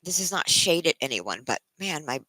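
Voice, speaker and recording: A tired woman livestreaming to her viewers, close to tears, speaking in halting, emotional bursts and restarting her sentences. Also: low-pitched, big pitch swings, pushed and bright, no echo, poor audio. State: tired from a sleepless night. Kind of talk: casual live-stream chat.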